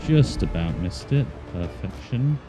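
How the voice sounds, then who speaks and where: A man's voice: low voice, animated, a little slow, loud music behind the voice. An English man streaming a game, chatting casually and joking to himself as he plays. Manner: chatty, joking, talks to himself while playing. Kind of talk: casual gameplay chat.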